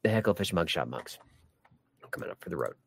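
A man's voice: low voice, lively intonation, fairly quick, husky. Rambling man hosting a livestream. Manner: rambling, jokey, many restarts. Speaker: livestream host. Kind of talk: casual live chat reading comments.

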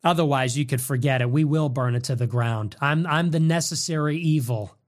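A man's voice: mid-range voice, fairly quick. A man hosting a political show, delivering an angry, combative monologue.

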